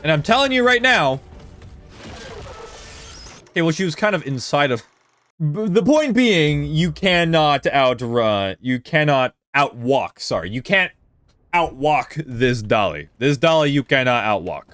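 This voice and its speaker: A man's voice: fairly high pitch, sing-song, unhurried, a bit bright, no echo, soft background music. A man streaming a speedrun, giving loose live gameplay commentary, swearing freely and talking to his chat.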